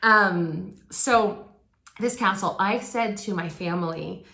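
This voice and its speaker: Brief: woman in her forties, mid-pitched, chatty church speaker full of ums and restarts, recorded in a roomy, echoing hall. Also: slow pace, creaky, sharp tone. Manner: conversational, many fillers and restarts. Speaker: guest speaker. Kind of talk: personal storytelling sermon.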